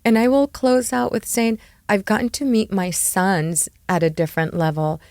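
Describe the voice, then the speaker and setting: A woman's voice: mid-range voice, fairly even intonation, moderate pace, darkish tone, dry recording. A middle-aged woman guesting on a podcast, talking in a heartfelt way and mixing in Spanish phrases. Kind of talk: casual interview chat.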